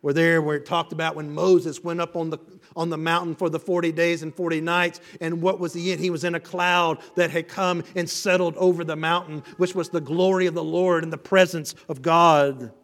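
Male pastor, expository preaching, higher register, emphatic swells; reverberant sanctuary. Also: level tone, normal speed, a bit bright. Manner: builds to emphatic, rising passages then drops low. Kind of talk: expository sermon. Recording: reverberant hall.

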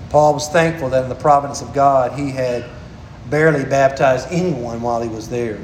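A man preaching a sermon as a pastor, earnest and emphatic, slowing down to stress key phrases. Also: medium pitch, roomy sound, slight background noise, poor audio.

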